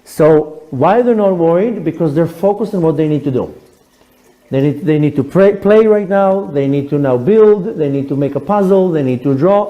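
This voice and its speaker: Animated high-voiced male rabbi. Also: normal speed, muffled recording. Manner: animated storyteller, acts out quotes with humor. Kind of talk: sermon.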